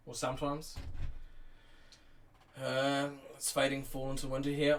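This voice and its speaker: A man's voice: medium pitch, completely flat delivery, measured pace, long pauses, distant mic, a little hiss or hum. Rambling New Zealand man chatting on stream. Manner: rambling and friendly, many fillers and restarts, reads chat aloud. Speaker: Lego streamer. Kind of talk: casual live-stream chat. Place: home room full of Lego sets.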